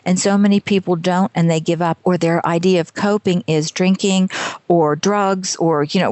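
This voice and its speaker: A middle-aged woman, a guest author in an interview, tells stories in an animated, self-deprecating way and laughs often. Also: on the low side, dry recording. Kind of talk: conversational interview.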